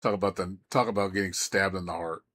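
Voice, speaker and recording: A man's voice: sits low, steady tone, fast, a bit bright. A man streaming games, ranting in a heated, profane way with lots of stammering restarts. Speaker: game streamer. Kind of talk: live-stream rant.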